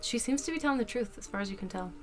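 A woman narrating as game master, with a casual manner and quick laughs. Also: on the high side, animated, over music. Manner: casual, laughing, loose put-on accents for characters.

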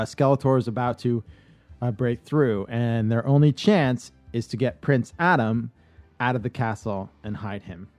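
A man on a podcast casually pitching a movie idea, rambling with lots of fillers and restarts. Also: darkish tone, dry recording.

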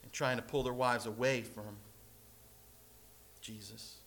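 A man preaching a sermon as pastor, animated, with sudden loud and soft passages and joking asides. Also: unhurried. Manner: animated preaching with big swings in loudness and pitch, joking asides.

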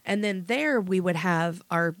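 A woman's voice: fairly low pitch, animated, measured pace, dry recording. A woman in her thirties co-hosting a podcast in casual chat, chatty and giggly, swearing freely. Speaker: podcast co-host.

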